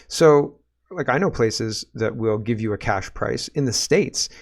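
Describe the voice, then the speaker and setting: A man's voice: mid-range voice, unhurried. A man from Canada hosting his own political commentary show, talking off the cuff in an ordinary mid-range voice. He reads viewer comments and then reacts to them. His tone is sarcastic and exasperated.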